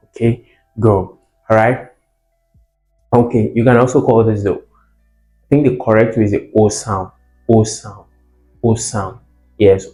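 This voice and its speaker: In a roomy, echoing space with faint music behind him, a man with a warm, medium-pitched voice teaches vowel sounds for exam prep. As an English teacher, he repeats every sound and word for practice and checks on the viewer.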